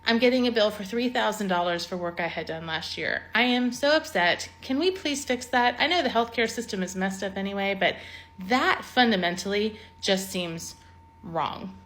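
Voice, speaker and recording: A woman's voice: medium pitch, lively intonation, moderate pace, fairly bright tone. A woman in a casual vlog, complaining indignantly and with emphasis about a bill.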